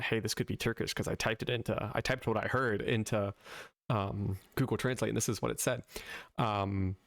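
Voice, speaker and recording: A man's voice: on the low side, gravelly, no room sound, studio quality. A man from the southern United States with a light Southern accent, hosting a casual linguistics explainer and often checking in with "right?". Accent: light Southern American. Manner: conversational, checks in with "right?" after points. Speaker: linguistics video host.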